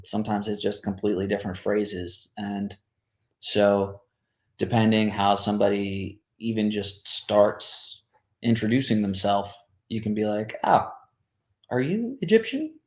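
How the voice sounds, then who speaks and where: A man who grew up in Jordan, speaking as an interview guest in a hesitant way full of ums and pauses. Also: fairly low pitch, little pitch movement, darkish tone, reverberant. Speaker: podcast guest, veteran and singer. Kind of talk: casual interview talk.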